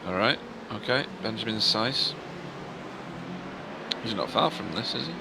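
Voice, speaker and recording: Low-voiced race commentator. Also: male voice, animated, vocal fry, heavy background noise. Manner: chatty, quick to exclaim. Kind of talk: live sim racing commentary.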